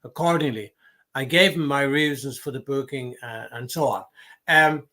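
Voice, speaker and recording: A man's voice: medium pitch, normal speed, pushed and bright. A man co-hosting a casual refereeing discussion, chatting and reading out viewer messages. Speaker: co-host.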